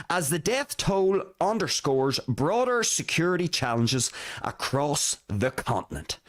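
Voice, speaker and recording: Lively solo podcast host reading news. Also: medium pitch. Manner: reads a news summary aloud, then comments with exclamations; laughs between serious remarks.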